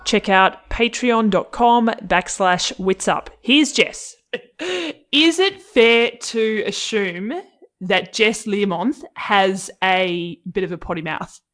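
A woman's voice: medium pitch, takes it slowly. A woman hosting a podcast, giving a casual, chatty intro and asking a guest questions. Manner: relaxed, chatty, loose wording. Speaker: podcast host.

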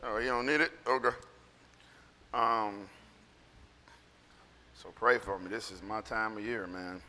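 A man's voice: on the low side, fairly even intonation, unhurried, bright, forceful tone. Fervent preacher man in an echoing hall. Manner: rambling, repeats words, builds to fervent preaching. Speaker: pastor. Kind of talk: casual sermon storytelling. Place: church sanctuary. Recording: long hall reverb.

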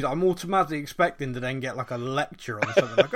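A man's voice: a little high, expressive, fast talker, fairly bright tone, a little hiss or hum. A man from England, hosting a casual podcast chat in a jokey, self-mocking way and laughing often. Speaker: podcast host.

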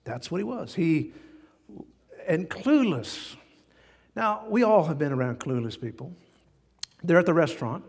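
Folksy preacher with a high voice in a reverberant hall. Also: male voice, a little slow, pauses often, breathy edge. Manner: folksy, animated, chuckles at his own jokes. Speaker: pastor. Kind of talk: sermon.

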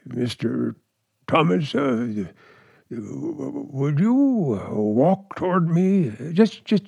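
An actor playing a nervous, stammering husband in a 1940s radio play. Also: male voice, a little high, very animated, takes it slowly, gravelly, darkish tone, husky, no echo, dull audio, exaggerated voice. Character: timid frightened husband, Mr. Beaker.

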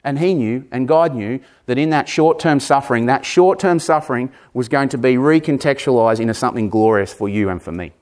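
A man in his forties preaching a sermon, emphatic, repeating words and moving between raised and hushed delivery. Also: medium pitch, fairly quick, few pauses. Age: 40s.

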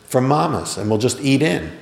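A man's voice: medium pitch, sing-song, normal speed, vocal fry, a little mellow, pitched above the performer's own voice. A man quoting his easygoing, teasing brother. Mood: casual. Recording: roomy hall with long reverb.

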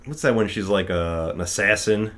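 Deep-voiced man recapping a film. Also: moderate pace, fairly bright tone. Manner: rambling, full of fillers, acts out quotes. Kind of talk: casual film recap chat.

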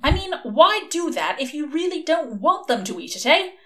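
A woman voicing a scheming male demon who talks in excitable, rambling bursts full of rising questions. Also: high-pitched, normal speed, voice pushed up, full character voice. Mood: worked up.

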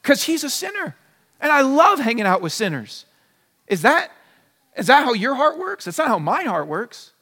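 Man, pastor's sermon, fairly high voice, long reverb of a church hall. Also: wildly swooping pitch, normal speed, sharp tone, breathy edge. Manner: conversational preaching, acts out little dialogues. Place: church sanctuary.

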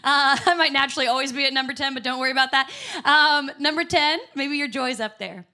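A woman's voice: sits high, fast, pushed and bright. A woman preaching a sermon in church, upbeat and emphatic with frequent laughs. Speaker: pastor.

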